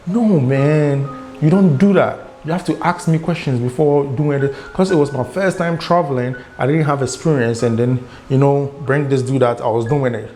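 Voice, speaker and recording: Young Ghanaian vlogger, mid-pitched, animated storyteller, guitar music playing underneath. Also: male voice, normal speed. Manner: animated storytelling, acts out quoted dialogue. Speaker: travel vlogger. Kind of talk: casual storytelling vlog.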